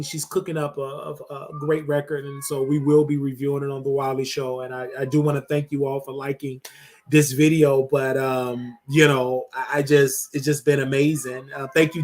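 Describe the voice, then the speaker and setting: Man in his thirties, show host, tearful, halting, lots of ums and restarts, emotional monologue. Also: a little high, little pitch movement. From Chicago, USA.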